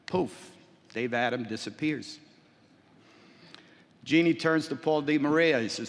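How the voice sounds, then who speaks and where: A man's voice: medium pitch, lively intonation, unhurried, pauses often. A middle-aged man giving a prepared convention speech from a podium, telling a story with dry humor and many small hesitations. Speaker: convention speaker, port employers' association representative. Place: large convention hall. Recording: long reverb of a big hall.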